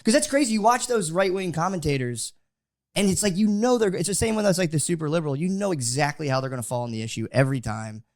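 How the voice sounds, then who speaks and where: A man's voice: on the high side, lively intonation, fast, no room sound, studio quality. A man co-hosting a podcast in casual chat, rambling with many fillers and restarts. He says he grew up in a suburb in the United States. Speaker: podcast co-host.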